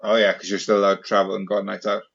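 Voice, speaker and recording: A man hosting a casual comedy podcast, peppering his friends with quick playful questions. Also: on the low side, level tone, vocal fry, fairly bright tone, breathy edge, dull audio. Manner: playful, quick questions, jumps into silly voices. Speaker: podcast host.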